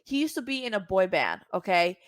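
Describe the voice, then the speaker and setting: A woman from Cuba, a singer and podcast guest, telling a story casually and acting out the voices she quotes with big jumps in pitch. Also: sing-song, fairly quick, no echo, studio quality.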